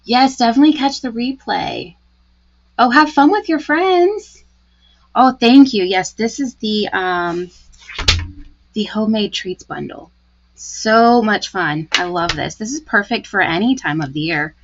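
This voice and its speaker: A woman's voice: mid-range voice, unhurried, highs cut off. A woman giving a live craft tutorial, chatty and gushing as she talks through each step. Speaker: card-making demonstrator.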